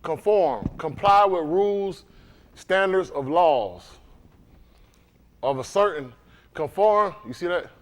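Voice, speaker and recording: A man delivers a sermon in a high voice that rises and falls with lively energy. He talks loosely to the congregation, breaking off to ask whether they are following him. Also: takes it slowly, long pauses. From Dade County, Florida. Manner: conversational, animated preaching with frequent questions to the congregation. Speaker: preacher. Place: congregation room.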